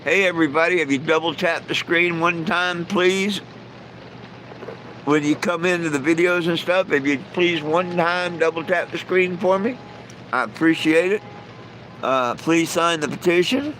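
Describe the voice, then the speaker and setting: A man's voice: on the high side, unhurried, a bit bright, a little hiss or hum, low-quality recording. A man hosting a live stream, telling jokes in a folksy, rambling way with lots of "you know". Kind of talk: casual joke telling.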